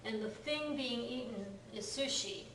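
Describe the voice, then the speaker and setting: A woman's voice: a little high, measured pace, a bit bright, a little hiss or hum. A woman teaching a grammar lesson in a classroom, patiently checking that the class follows with frequent "right?" and "okay?". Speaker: Japanese language teacher. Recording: echoey classroom from far off.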